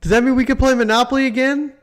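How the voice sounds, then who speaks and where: A man's voice: very high-pitched, steady tone, rapid-fire. A man co-hosting a casual podcast chat, joking and teasing his friends. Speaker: podcast co-host.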